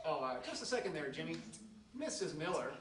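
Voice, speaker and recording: A man's voice: fairly high pitch, very animated, brisk, fairly bright tone. Clark Kent, a man doing an aw-shucks polite hero. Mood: earnest. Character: mild-mannered earnest male reporter hero. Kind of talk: live stage comedy acting. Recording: noisy echoey hall from far off.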